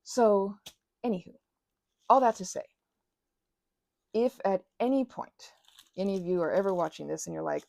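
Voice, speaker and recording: A woman rambling casually as she presses flowers, often interrupting herself, giggling and dropping into soft whispers. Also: medium pitch, expressive, normal speed, creaky, pauses often, dry recording. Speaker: channel host.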